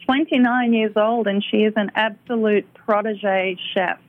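A woman's voice: medium pitch, fairly even intonation, measured pace, no echo. A woman who works as a magazine and business producer, speaking in a businesslike, promotional way as a guest in a casual interview. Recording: tinny phone line.

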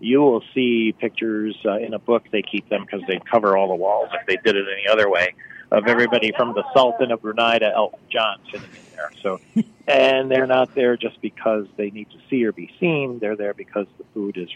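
A travel writer telling chatty, wry stories on a radio call. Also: male voice, fairly low pitch, fairly even intonation, fairly quick, low-quality recording. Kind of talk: phone-in radio chat. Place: on location outdoors by phone.

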